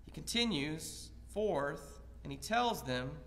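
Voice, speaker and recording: A man preaching an evening lesson in a church sanctuary, his high voice carried by a long, ringing reverb. He speaks earnestly and builds his points through rhetorical questions and paraphrased scripture. His tone stays bright and forward throughout. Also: lively intonation, slow pace. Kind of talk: evening Bible lesson sermon.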